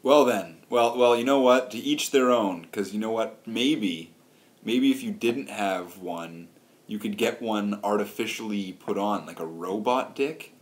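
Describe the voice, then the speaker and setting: A man's voice: on the low side, a little slow. Rambling man riffing crude jokes. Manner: meandering, restarts often, riffs on silly wordplay. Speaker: vlogger.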